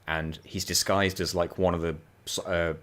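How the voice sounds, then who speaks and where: A man with a low, deep voice chats casually with a friend while they play a co-op video game. He tells stories with animated energy and breaks into laughter often. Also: moderate pace. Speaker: co-op gaming channel host.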